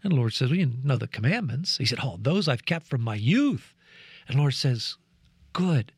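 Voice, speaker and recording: A man's voice: medium pitch, normal speed, breathy edge, no room sound, clean studio sound. A man sharing a reflection as a program co-host, telling a personal story in an earnest, preacherly way and acting out the voices of the people in it. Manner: lively storyteller who acts out quoted voices.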